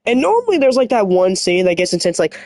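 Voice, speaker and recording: Streamer girl ranting, says bro a lot, pitch jumps everywhere, clears her throat, dry sound. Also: fast, no room sound. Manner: animated slangy rant, full of "bro" and "like". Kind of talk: casual chat.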